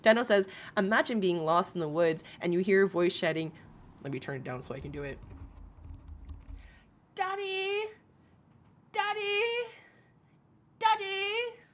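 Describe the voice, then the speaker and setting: A woman with a lowish voice talks fast as she hosts a casual commentary live stream. She swears freely, laughs a lot, and reads viewers' comments out loud.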